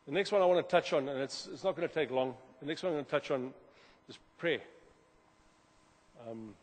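A man preaching a sermon as pastor, animated, repeating words and swinging from loud to quiet. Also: fairly high pitch, brisk, breathy edge. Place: church hall. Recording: long hall reverb.

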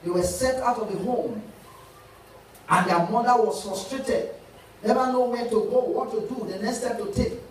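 A Nigerian pastor preaching a sermon, often asking the congregation questions to get them to respond. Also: male voice, very high voice, normal speed. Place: church hall. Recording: echoey church hall, mic at a distance, faint hiss.

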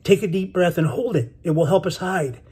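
A man's voice: on the high side, fairly quick, darkish tone, breathy edge. A man voicing a scared young boy adrift at sea, urgently coaxing his little brother along. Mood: hushed coaxing. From Detroit.

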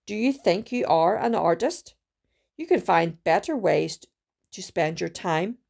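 A woman reading the lines of a stern, well-off middle-aged village miller in a storybook, gruff and scolding. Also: on the low side, expressive, a little slow, a little mellow, voice pushed down, full character voice.

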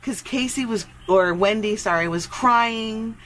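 Woman, high-pitched, crude, teasing, casual phone chat. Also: unhurried, fairly bright tone, poor audio.

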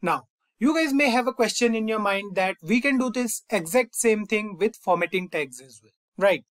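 A man's voice: sits high, normal speed, dry recording. Man teaching code, dry close voice. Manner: steady explaining tone, often says "fine" and "over here". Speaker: coding tutorial host. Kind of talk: screen-recorded coding lesson.

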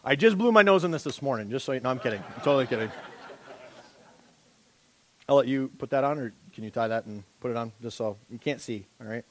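A man preaching a sermon as pastor, animated and conversational, joking with a volunteer on a church stage. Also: medium pitch, fast talker. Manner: animated, rising to loud impassioned preaching.

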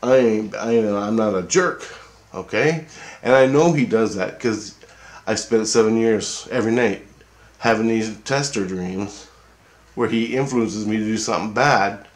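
A man's voice: fairly low pitch, unhurried. A man telling a long dream story in a rambling, profane way, often checking in with "okay?". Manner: profane, repetitive, keeps asking "okay?". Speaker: vlogger recounting a dream. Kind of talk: rambling casual monologue.

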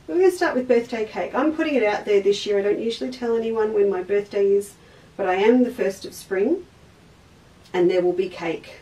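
A woman's voice: mid-range voice, a little fast, warm tone, distant mic. An Australian woman hosting a casual livestream sewing class, chatting and rambling, talking to viewers by name. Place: indoor craft studio. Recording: echoey room, voice off-mic.

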